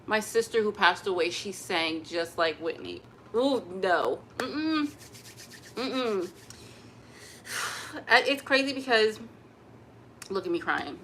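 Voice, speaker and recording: A woman chatting casually to camera at home, expressive and open about her feelings. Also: mid-range voice, takes it slowly, long pauses, a little hiss or hum. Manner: chatty and emotionally expressive, breaks into gospel singing. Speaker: vlogger.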